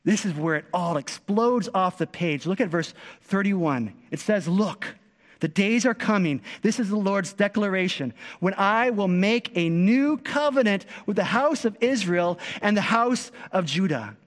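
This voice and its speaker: A man with a high voice preaching a sermon in a large hall that rings with long reverb. He preaches with passion, pushing hard on some phrases and dropping to near hush on others. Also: animated, unhurried. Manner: impassioned, swings between loud emphasis and hushed tones. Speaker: pastor.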